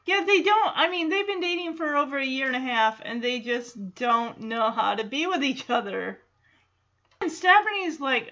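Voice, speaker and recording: A woman's voice: high voice, moderate pace, sharp tone, muffled recording. A woman hosting a podcast, recapping a sitcom episode in a chatty way, laughing often and acting out the characters' lines. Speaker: podcast host.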